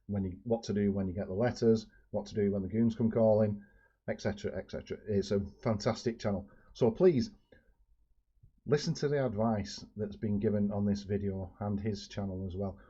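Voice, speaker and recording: Guy chatting on his youtube channel, really dark husky voice, bit lo-fi. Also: fairly low pitch, steady tone, normal speed. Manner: chatty, with fillers. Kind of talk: casual vlog introduction. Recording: dull lo-fi sound.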